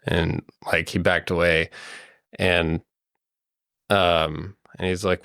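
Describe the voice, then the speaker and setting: A deep-voiced man runs a tabletop game at an unhurried pace, wandering through his descriptions with plenty of ums and likes. His voice is close and dry, with no room sound. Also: flat delivery, creaky, fairly bright tone, clean tone, no room sound. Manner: meandering, full of ums and likes. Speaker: game master.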